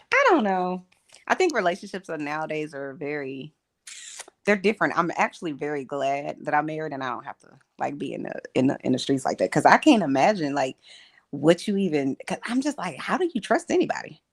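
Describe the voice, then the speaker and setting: A woman hosting a live-streamed casual chat, talking in an expressive, teasing way. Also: deep voice, brisk. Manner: animated, expressive, sings and teases. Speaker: host.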